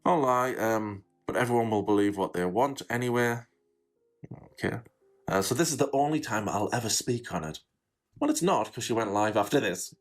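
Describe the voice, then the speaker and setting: A sarcastic man talks casually, his voice sitting fairly low. His pitch rises and falls a lot, and he delivers his jokes dryly. Faint music plays behind him. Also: animated, normal speed. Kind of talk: casual reaction commentary.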